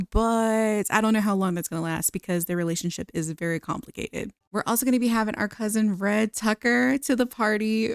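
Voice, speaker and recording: A woman's voice: lowish voice, clean tone, no room sound, clean studio sound. A woman giving casual, chatty gameplay commentary, gushing and laughing often as she walks through the scene. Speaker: let's play creator.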